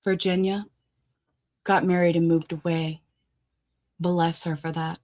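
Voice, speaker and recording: Woman host, slow measured delivery, reflective commentary, rhetorical questions. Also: lowish voice, flat delivery, a little mellow. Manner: asks listeners rhetorical questions.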